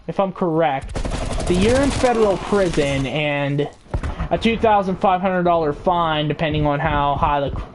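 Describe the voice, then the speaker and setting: A woman's voice: sits low, moderate pace. A woman casually telling a rambling, filler-heavy story while playing a video game. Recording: game noise with gunfire behind.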